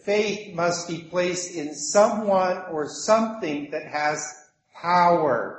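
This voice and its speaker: Slow, animated preacher man in an echoey room. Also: on the high side. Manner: animated storytelling with acted voices. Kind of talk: sermon.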